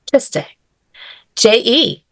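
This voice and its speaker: Brief: upbeat host, high and unhurried, in a dry room. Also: female voice, very animated, slightly rough, dry recording. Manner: upbeat, laughs often. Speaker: host and moderator. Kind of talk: live improv storytelling hosting. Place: small room before a live audience.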